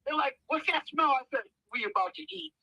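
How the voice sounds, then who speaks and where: A man's voice: very high voice, a little fast, dry recording, dull audio. A man, telling stories on a podcast as a guest and acting out the voices of the people in them. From United States. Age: 50s. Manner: animated, acts out voices in his stories. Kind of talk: casual storytelling.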